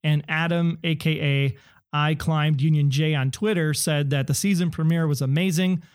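Eager man with a higher, dry voice. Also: fairly even intonation, moderate pace, clean tone, dry recording. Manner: eager, theorizing. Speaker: podcast co-host. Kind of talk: casual chat, reading listener mail.

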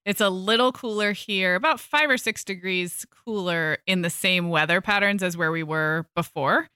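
A woman's voice: fairly low pitch, moderate pace, sharp tone, clear, resonant tone, no echo, studio quality. A woman co-hosting a podcast in casual chat, chatty and upbeat. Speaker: podcast co-host.

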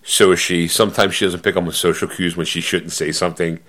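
This podcast co-host talks fast in a low, somewhat bright voice that barely moves in pitch. His casual chatter rambles, is packed with fillers, and is often interrupted by laughter.

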